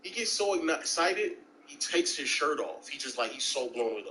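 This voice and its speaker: Animated man telling stories casually. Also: a little fast, a little hiss or hum, low-quality recording. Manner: animated, acts out quoted voices with big pitch jumps. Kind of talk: casual storytelling chat.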